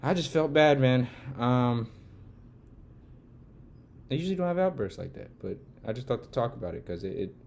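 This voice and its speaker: A man's voice: medium pitch, lively intonation, moderate pace, creaky, pauses often, slight background noise. A man vlogging a casual storytime rant, swearing and getting heated as he tells it. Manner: heated, swearing, gets loud when retelling the argument. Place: Los Angeles.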